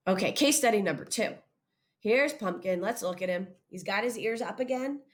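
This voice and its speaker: Lively woman giving a talk to young kids. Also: medium pitch. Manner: lively, expressive, speaks straight to children with questions. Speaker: school chapel speaker.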